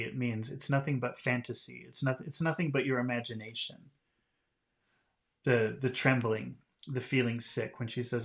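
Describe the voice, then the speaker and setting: Guy teaching english from a novel, relaxed and chatty, faint guitar in the background. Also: medium pitch, normal speed. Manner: relaxed, explanatory, with frequent fillers and restarts. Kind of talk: reading a novel aloud and explaining vocabulary.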